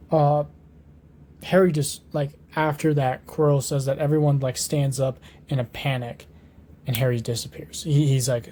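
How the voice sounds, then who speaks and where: A man's voice: mid-range voice, little pitch movement, normal speed, dark tone, slight background noise. A man improvising a fan story, rambling on with lots of fillers, restarts and swearing.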